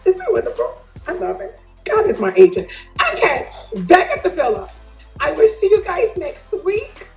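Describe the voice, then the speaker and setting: A woman's voice: extremely high pitch, wildly swooping pitch, normal speed, darkish tone, soft background music. A woman hosting a casual chat show, gushing and effusive as she talks to her guest and viewers. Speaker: host. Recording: echoey room.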